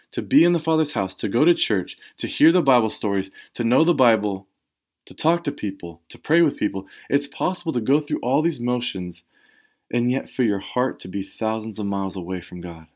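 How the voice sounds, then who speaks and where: A man's voice: medium pitch, expressive, normal speed, a little mellow. A man preaching a sermon as a pastor, talking in a conversational and emphatic way, with casual asides to the congregation.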